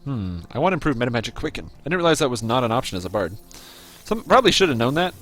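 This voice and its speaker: A man chatting casually to his viewers while streaming a video game, rambling and reacting excitedly to the gameplay. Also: mid-range voice, fast, soft background music. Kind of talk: casual live-stream commentary.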